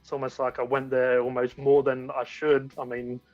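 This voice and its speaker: A man's voice: mid-range voice, monotone, normal speed, a little mellow, dry recording, soft background music. A man as a guest in a casual chat, talking enthusiastically and rambling with frequent restarts. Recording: dull lo-fi audio.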